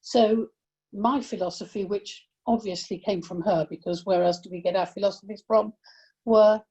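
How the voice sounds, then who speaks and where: Older Englishwoman with a mellow, husky voice. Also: medium pitch, fairly even intonation, muffled recording. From England. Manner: reflective, heartfelt, with halting restarts. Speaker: guest. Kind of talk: personal storytelling.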